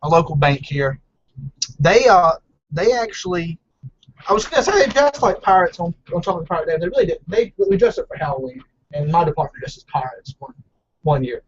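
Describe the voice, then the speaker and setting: A man's voice: a little high, expressive, brisk, dull audio, a little hiss or hum. A man co-hosting a casual live broadcast from a shop, playful and prodding.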